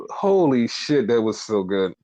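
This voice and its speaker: A man hosting a podcast, casually recapping wrestling in a profane, animated way and acting out what people said. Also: mid-range voice, slow, poor audio. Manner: animated, profane, acts out quoted lines. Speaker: podcast host.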